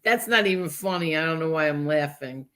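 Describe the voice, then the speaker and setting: A woman's voice: deep voice, a little fast, fairly bright tone. A woman co-hosting a casual livestream podcast, speaking in an emphatic, indignant way. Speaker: podcast co-host.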